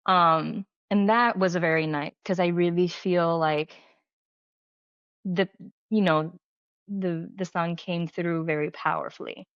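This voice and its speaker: A woman's voice: fairly low pitch, fairly even intonation, a little slow, clear, resonant tone, no room sound. A middle-aged woman, a medium and healer, telling stories in a casual interview, full of "like" fillers and acting out quoted dialogue. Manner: chatty, filler-heavy, acts out quoted dialogue. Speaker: medium and healer, podcast guest. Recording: dull lo-fi dry sound.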